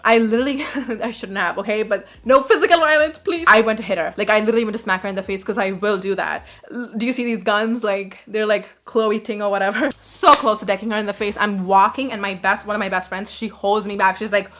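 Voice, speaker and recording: Young woman, twenties, bright tense voice, casual storytime, chatty, blunt, swears a lot. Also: medium pitch, fast. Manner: chatty, lots of "like", blunt and profane.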